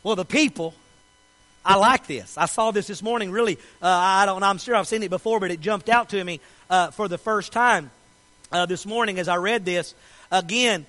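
A male pastor preaching a sermon with passion, moving from quiet asides to shouted declarations. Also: sits high, normal speed, low-quality recording. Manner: impassioned, swinging from soft asides to shouted declarations.

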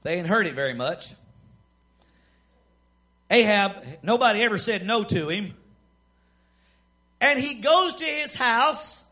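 A man preaching a sermon in a folksy, emphatic manner, building from plain storytelling to shouting. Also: sits high, expressive, takes it slowly, long pauses.

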